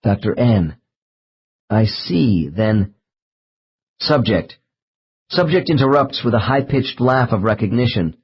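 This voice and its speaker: A man narrating an audiobook in a measured, slow reading of case transcripts. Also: fairly low pitch, expressive, slightly rough, highs cut off. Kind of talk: scripted narration.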